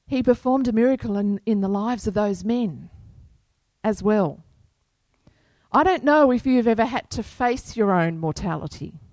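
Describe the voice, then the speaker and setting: A woman pastor preaching a sermon to her congregation in an unhurried, earnest manner, quoting scripture. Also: medium pitch, expressive, darkish tone, no echo.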